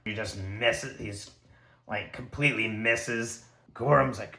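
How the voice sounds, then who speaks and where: A man narrating his own solo tabletop game, excitable and talking to the dice and characters. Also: lowish voice, takes it slowly, vocal fry. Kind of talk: casual solo play narration. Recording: echoey room.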